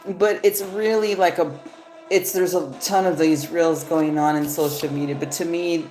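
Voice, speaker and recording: A woman's voice: fairly low pitch, fairly even intonation, normal speed, mellow. A woman reading tarot cards live, talking in a loose, rambling, profane way. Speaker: tarot reader. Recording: echoey room.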